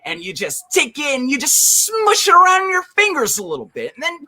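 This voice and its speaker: A man playing a manic infomercial pitchman in a comedy sketch, switching between shouting and hushed hard-sell. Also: huge pitch swings, a little fast, full character voice. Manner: hard-sell, swings loud and soft, whoops.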